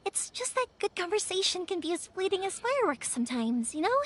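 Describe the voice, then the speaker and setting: Bubbly, rambling young fireworks girl in a game; high, bouncy delivery. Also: very animated, brisk. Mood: excited. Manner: rambling, bubbly, easily sidetracked. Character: chatty young female fireworks maker. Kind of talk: game voice acting.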